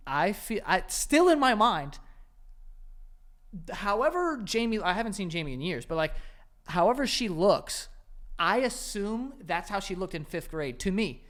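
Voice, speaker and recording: A man's voice: sits high, lively intonation, normal speed, a bit bright. A man in his thirties co-hosting a podcast, telling crude joking anecdotes. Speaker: podcast co-host. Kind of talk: casual chat.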